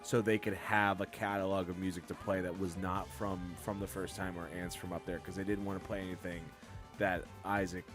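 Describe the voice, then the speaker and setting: A man's voice: deep voice, flat delivery, a little fast, over music. A man co-hosting a casual album review, laid-back and rambling. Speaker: music review co-host. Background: album playing faintly.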